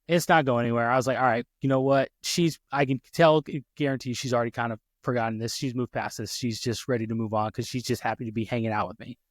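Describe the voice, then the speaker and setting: A man's voice: medium pitch, fast talker, hardly any pauses, no room sound, studio quality. A man hosting a podcast, telling a family story in casual chat, with lots of fillers and restarts, speaking from his home office. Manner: rambling, animated, many restarts and fillers. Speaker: podcast host.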